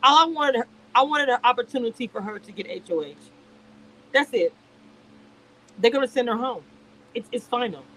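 A woman's voice: on the high side, expressive, moderate pace, pauses often, bright, forceful tone, a little hiss or hum, poor audio. A woman reviewing a reality show on a live stream, speaking in a heated, emphatic way and repeating herself. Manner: emphatic and repetitive, heated and exasperated. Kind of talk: casual live-stream commentary rant.

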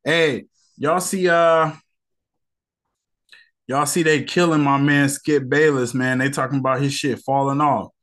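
A man's voice: medium pitch, steady tone, measured pace, long pauses, a bit bright. Male podcast host, casual slangy rant, irritated and rambling.

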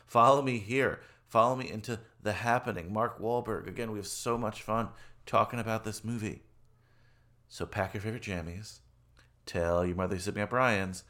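A man's voice: lowish voice, fairly bright tone. A man hosting a podcast, talking in a jokey, upbeat, casual way. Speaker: podcast host.

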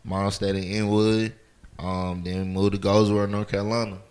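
A man from New York talking easily as a podcast guest, in relaxed slang with constant "you know what I'm saying". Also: fairly low pitch, moderate pace, a little hiss or hum. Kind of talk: casual interview chat.

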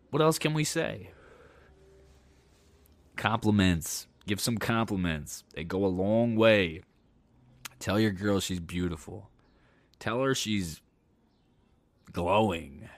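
A young man hosting a podcast, telling candid, profane stories about relationships in a casual monologue that gets animated when he relives a scare. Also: lowish voice, no echo. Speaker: podcast host.

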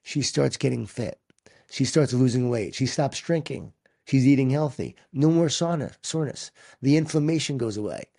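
A man's voice: mid-range voice, normal speed, vocal fry, dark tone. A man guest speaker talking with energy, telling stories and making points with emphasis. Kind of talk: conversational storytelling.

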